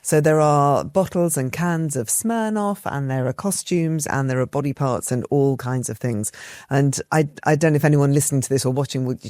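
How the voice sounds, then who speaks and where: A middle-aged woman co-hosting a podcast from a room at home, telling stories in a lively, animated way. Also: deep voice, moderate pace, dry recording, studio quality. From England. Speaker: podcast co-host. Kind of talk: casual chat.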